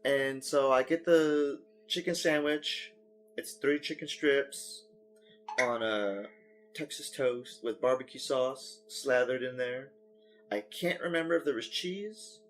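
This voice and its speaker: A man hosting a podcast, chatting casually and telling an animated story with bursts of mock announcer hype. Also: medium pitch, slow, soft background music. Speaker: podcast host. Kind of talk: casual chat.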